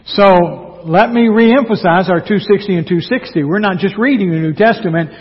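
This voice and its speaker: A fairly high-voiced man preaching in a church sanctuary, folksy and earnest, slowing down to lean on key points. His voice is a little husky. The recording is dull and lo-fi, with a long reverb from the hall around him. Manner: folksy, earnest, slow emphatic delivery. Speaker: pastor. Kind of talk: team-preached sermon.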